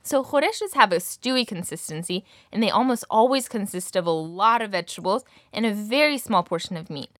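A young woman teaching a language lesson, clearly modelling words slowly for her student to repeat. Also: medium pitch, lively intonation, fairly bright tone, dry recording, studio quality.

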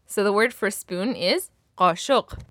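A young woman teaching a language lesson, clearly modelling words slowly for her student to repeat. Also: mid-range voice, a bit bright, no room sound, clean studio sound.

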